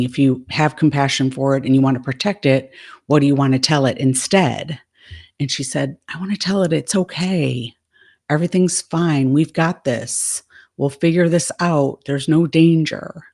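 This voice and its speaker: A woman's voice: very deep voice, fairly even intonation, normal speed, a little mellow. A woman life coach in a casual monologue, retelling a session and quoting the dialogue back and forth.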